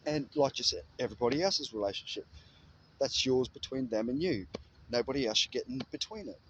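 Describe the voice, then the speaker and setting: Animated man telling a story. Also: medium pitch, a little fast, muffled recording, slight background noise. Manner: animated, swearing freely, laughing. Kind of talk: casual motivational storytelling.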